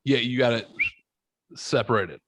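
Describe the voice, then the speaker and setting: Animated, swearing podcast host man. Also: normal speed, no echo. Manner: animated, swearing, jumps into high voice for quotes. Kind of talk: casual chat, storytelling.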